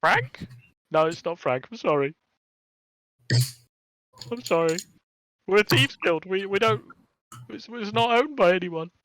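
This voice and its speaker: A man's voice: high voice, animated, measured pace, long pauses, fairly bright tone, no room sound, voice pushed up. A man voicing a small, terrified male kobold thief who stammers and apologizes nonstop. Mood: stammering.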